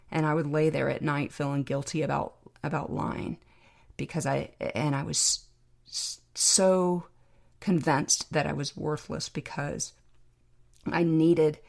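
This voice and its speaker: A woman, a podcast guest, telling a personal story in a reflective, heartfelt, measured way. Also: sits low, vocal fry.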